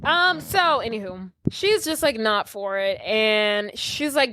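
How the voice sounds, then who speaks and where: A young woman with a fairly high voice chats casually on a podcast. She retells a movie scene by scene and voices each character's lines as she goes. The recording is dry and close. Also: a little slow, hardly any pauses, dry recording. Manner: animated storyteller acting out characters' lines. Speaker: podcast co-host.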